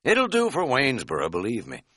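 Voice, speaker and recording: A man's voice: mid-range voice, huge pitch swings, brisk, bright, forceful tone, breathy edge, no room sound, clean studio sound, pitched above the performer's own voice, heavily acted. A man voicing a crude, joking middle-aged male hiker who is folksy and pleased with his own quips, in an audiobook. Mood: folksy storytelling.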